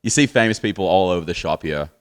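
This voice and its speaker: A man's voice: sits low, quick pace, clean tone. A man in his thirties with an Australian accent, performing a crude, rambling stand-up set on a live stage and chuckling at his own jokes. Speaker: stand-up comedian.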